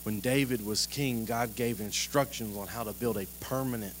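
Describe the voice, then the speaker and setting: A man preaching a sermon in a lively, conversational way, joking and asking the congregation direct questions. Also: lowish voice, normal speed, slight background noise. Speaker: pastor.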